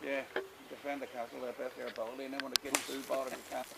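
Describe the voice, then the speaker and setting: A man's voice: mid-range voice, level tone, very fast, vocal fry. A man speaking bluntly and opinionated in a casual chat outdoors. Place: woodland camp outdoors. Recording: outdoor recording with insect noise.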